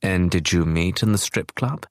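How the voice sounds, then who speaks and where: A man's voice: low-pitched, normal speed, no room sound, studio quality, natural voice. A man voicing a flamboyant, witty English woman of about forty with a posh English accent and a breezy, teasing manner.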